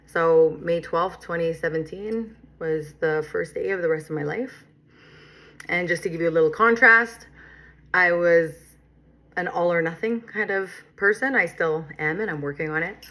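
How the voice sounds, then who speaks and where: A middle-aged woman sharing her personal recovery story in a vlog, earnest and reflective, with pauses and frequent "right?" and "you know". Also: fairly low pitch, a bit bright. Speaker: recovery vlogger. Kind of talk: personal testimony to camera.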